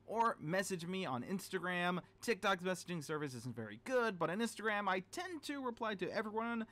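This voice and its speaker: A male podcast host retells an old myth in a loose, chatty way, wandering into animated asides. His voice sits a little high and he speaks very quickly.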